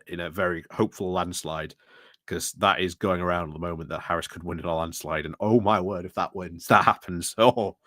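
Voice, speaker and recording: A man's voice: low-pitched, pushed and bright, no room sound, clean studio sound. A man co-hosting a news talk stream over a video call, speaking earnestly and hesitantly with many restarts. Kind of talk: casual live-stream chat.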